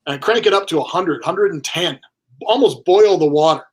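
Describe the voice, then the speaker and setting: A man's voice: on the high side, normal speed, breathy edge. A man who keeps aquarium fish, a guest on a casual livestream, explaining fish breeding in a talkative, wry way.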